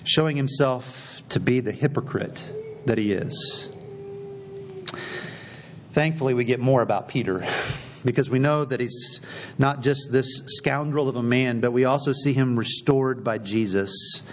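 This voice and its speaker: A man delivers a sermon, retelling a story and voicing the lines of its people as he goes. The recording is a little dull, with a faint low rumble underneath. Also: unhurried. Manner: storytelling, acting out quoted dialogue. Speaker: preacher.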